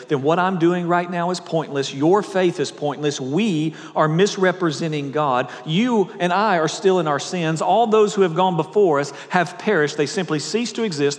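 A man preaching a sermon, swinging between loud emphatic peaks and hushed, low lines. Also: normal speed, hardly any pauses, in a large hall. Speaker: pastor. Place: church sanctuary.

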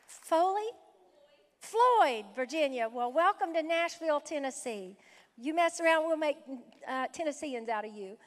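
A woman's voice: high-pitched, animated, a little slow, a faint crowd. A woman pastor welcoming visitors from the pulpit, exuberant and full of praise exclamations. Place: church sanctuary. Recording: reverberant hall with a faint congregation.

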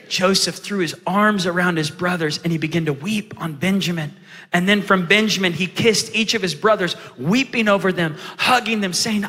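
A male pastor delivers a sermon in a large church hall, his voice ringing with a long reverb. He talks in a bright, forceful tone, sinking to a hush when he tells a story and climbing to shouts as he preaches. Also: high-pitched, normal speed. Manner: swings from hushed storytelling to loud preaching.

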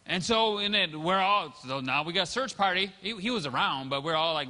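A man's voice: high voice, lively intonation, moderate pace, sharp tone, big-room sound. A man preaching a sermon as a pastor, telling stories in a conversational way and acting out what people said. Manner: conversational storytelling, acting out quoted dialogue.

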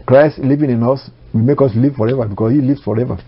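A man preaching a sermon, emphatic, slowing down to quote scripture and rising on key phrases. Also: medium pitch, steady tone, breathy edge. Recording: dull lo-fi recording.

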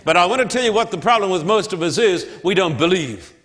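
A man's voice: high voice, lively intonation, fast talker, a bit bright. A man preaching a sermon in church, with an emphatic, repetitive cadence. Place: church sanctuary. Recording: long hall reverb.

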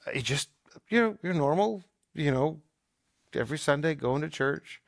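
A man with a gravelly, creaky edge to a mid-pitched voice tells a story on a talk show. He talks in eager, emphatic bursts and restarts his sentences, recorded dry and close. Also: lively intonation, normal speed, no echo. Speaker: co-host.

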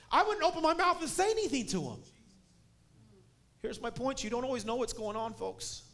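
High-voiced preacher telling a story. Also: male voice, expressive, normal speed, long pauses. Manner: storytelling, building to shouted emphasis. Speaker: guest preacher. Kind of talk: sermon.

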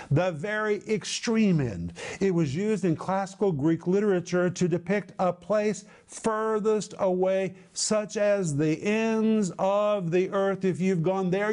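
Man, bible teaching host, mellow tone, fairly high voice, emphatic. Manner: emphatic, stresses key words slowly.

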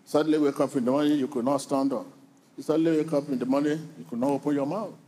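A middle-aged male pastor, his voice a little high, dark, and edged with breathiness, preaches in a slow, deliberate manner. His intonation stays fairly even as he rhythmically repeats phrases and invites the congregation to call back.

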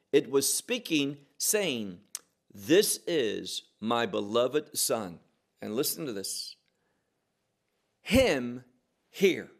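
Slow, deliberate male Bible teacher. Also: on the high side. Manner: slow and deliberate, stressing single words.

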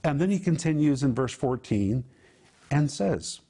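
A middle-aged man teaching the Bible, explaining word meanings slowly and with emphasis. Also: medium pitch, animated, mellow, breathy edge. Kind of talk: teaching sermon.

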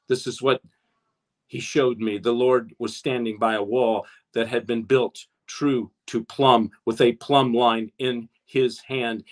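A man preaching an impassioned online sermon, with his voice rising as he exhorts his listeners. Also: medium pitch. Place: streamed online, talking to a chat audience.

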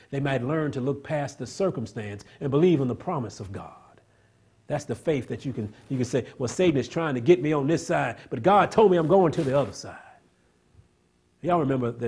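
A pastor with a mid-range, slightly mellow voice and a breathy edge preaches a sermon. He drives each point upward into emphatic, rising climaxes, drawing call-and-response from the congregation.

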